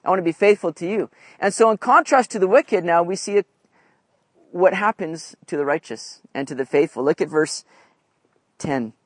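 High-voiced man preaching conversationally. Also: moderate pace, no echo. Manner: conversational, asks "right?" often. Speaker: pastor. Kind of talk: sermon.

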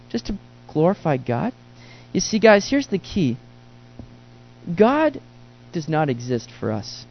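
Pastor, male, high voice, earnest and emphatic sermon delivery, lots of rhetorical questions; muffled lo-fi take. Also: big pitch swings, takes it slowly, creaky, long pauses. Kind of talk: sermon teaching through a Bible book. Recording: dull lo-fi recording.

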